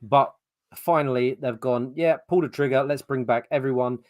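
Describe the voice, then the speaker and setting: A man's voice: mid-range voice, fairly even intonation, normal speed, darkish tone, no echo, clean studio sound. An English man co-hosting a podcast, telling casual stories in a chatty way with the odd swear word. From England. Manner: chatty storyteller, swears freely. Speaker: podcast co-host. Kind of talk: casual chat. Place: podcast setup. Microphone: podcast mic.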